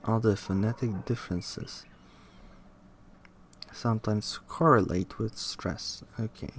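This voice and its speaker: A man reading aloud from a linguistics textbook, halting, restarting words and questioning the text as he goes. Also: on the low side, steady tone, slight background noise. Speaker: reader studying a linguistics textbook. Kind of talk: reading aloud with self-commentary.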